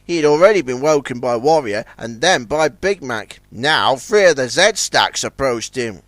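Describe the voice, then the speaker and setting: A man narrating a children's storybook in a scripted, expressive reading. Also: medium pitch, a little slow, no echo.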